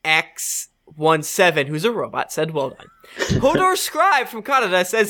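Casting: playful woman podcast co-host, bouncy animated delivery, reads reviews with put-on voices. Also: on the low side, measured pace, a little hiss or hum. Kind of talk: casual podcast chat.

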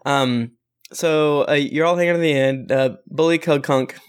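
A man's voice: a little high, normal speed, smooth. A man narrating a tabletop game as game master, rambling with many fillers. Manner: rambling, many fillers, laughs at own jokes.

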